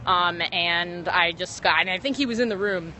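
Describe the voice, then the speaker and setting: Rambling young woman comedian, bright voice. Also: lowish voice, normal speed. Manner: rambling, full of ums and self-corrections. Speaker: stand-up comedian. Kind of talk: casual livestream chat. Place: outdoors on a city street. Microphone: phone held to stream. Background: faint street traffic.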